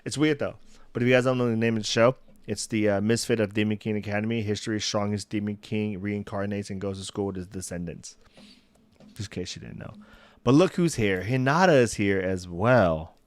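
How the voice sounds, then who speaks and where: A young man with a lowish voice rambles through a casual livestream chat into a desk mic. He stops mid-thought, restarts and chuckles at his own takes. The sound is close and dry. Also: brisk, no room sound. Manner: rambling, self-interrupting, laughing at himself. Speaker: streamer.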